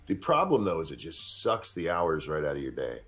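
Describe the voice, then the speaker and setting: A man's voice: very deep voice, sing-song, a little fast, sharp tone, faint music behind. A man guesting on a livestream, chatting casually in a blunt, profane way.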